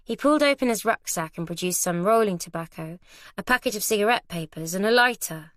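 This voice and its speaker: A woman narrating a thriller audiobook in a measured, steady storytelling manner. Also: mid-range voice, dry recording, clean studio sound. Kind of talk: scripted narration.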